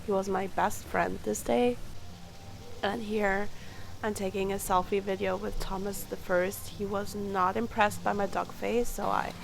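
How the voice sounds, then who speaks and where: A woman's voice: medium pitch, steady tone, a little slow, creaky. A young woman from Europe talking candidly in a casual vlog voice-over, chatty and emotional. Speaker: travel vlogger.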